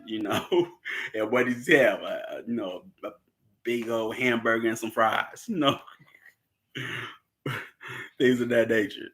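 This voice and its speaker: A man talks through a movie in loose, rambling chat. His tone is bright and forward, and he keeps breaking into light chuckles as he acts out bits of dialogue. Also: medium pitch, fairly even intonation, slow, pauses often. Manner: rambling, chuckles often, acts out characters' lines. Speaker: movie discussion participant. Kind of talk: casual chat recapping a film.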